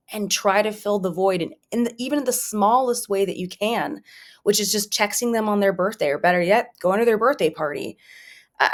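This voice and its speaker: A woman talking earnestly and gently about supporting others, thinking aloud with restarts and acted-out example phrases. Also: mid-range voice. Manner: reflective, gentle, with frequent restarts and quoted examples. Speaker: podcast host and survivor advocate. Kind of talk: earnest advice talk.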